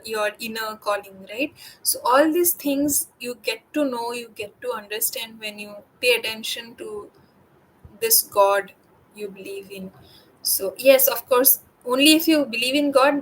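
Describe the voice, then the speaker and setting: A woman artist talking through her own work in a reflective, casual way, pausing often with fillers and restarts. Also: fairly high pitch, a bit bright, slight background noise, low-quality recording. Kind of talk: casual talk.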